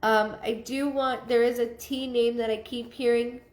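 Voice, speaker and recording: A woman giving a live psychic reading, relaying messages in a halting way with many fillers. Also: fairly high pitch, level tone, reverberant, a little hiss or hum. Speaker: psychic medium.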